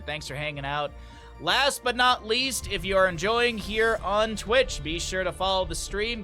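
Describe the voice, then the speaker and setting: Upbeat male esports caster, higher pitch, bright edge, chatty stream commentary. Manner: chatty and upbeat, cowboy-style greetings. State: out of breath.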